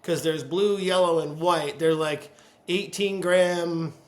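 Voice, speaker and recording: A man's voice: a little high, fairly even intonation, slow pace. A man hosting a casual video-call chat from his home pottery studio, friendly and talkative, laughing often. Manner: chatty, laughs often, breaks into playful voices when quoting. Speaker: podcast host. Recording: roomy studio echo.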